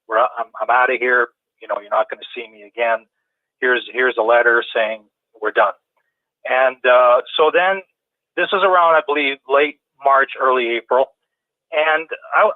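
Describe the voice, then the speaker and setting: This talk-show caller, medium in pitch, rambles through a casual chat full of restarts. The line is tinny, with no room sound.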